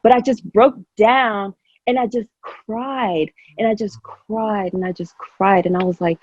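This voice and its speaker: A woman's voice: mid-range voice, steady tone, measured pace, darkish tone, no room sound, muffled recording. A woman guest in casual conversation, talking in an emotional, effusive, rambling way with many fillers. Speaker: podcast guest.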